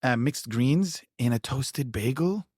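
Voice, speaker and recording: A man's voice: mid-range voice, animated, takes it slowly, darkish tone, dry recording, studio quality. A man, a pitmaster, chatting enthusiastically in an interview, rambling with lots of fillers and restarts. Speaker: pitmaster and producer. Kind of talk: casual conversational interview.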